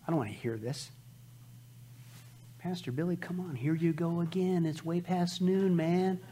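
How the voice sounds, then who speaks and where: A man's voice: a little high, moderate pace, warm tone, a little hiss or hum, close to an everyday voice. A man voicing a lazy, dismissive churchgoer man who whines out excuses to get away. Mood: whiny.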